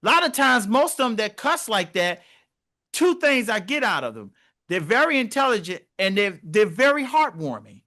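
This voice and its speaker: A young man co-hosts a podcast in loose, animated conversation, acting out the people he quotes. His voice sits high and rings bright. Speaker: podcast co-host. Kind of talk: casual conversation.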